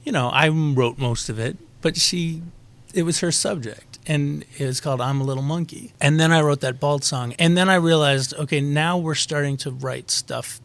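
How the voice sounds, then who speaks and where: A man's voice: on the high side, moderate pace, vocal fry, a bit bright. A man in his forties, a guest musician, telling a personal story in a candid, reflective way during a conversational interview.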